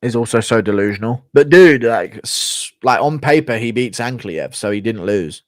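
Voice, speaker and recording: A man's voice: mid-range voice, expressive, moderate pace, dry recording, clean studio sound. Blunt, sarcastic male streamer. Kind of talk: casual stream commentary.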